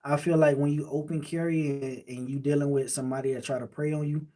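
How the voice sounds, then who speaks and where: Miami guy chilling on a late night stream, mellow voice, kinda high, rambly. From Miami, Florida. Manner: laid-back, rambling, answers viewer comments. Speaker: livestream host reading chat. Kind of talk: casual late-night chat.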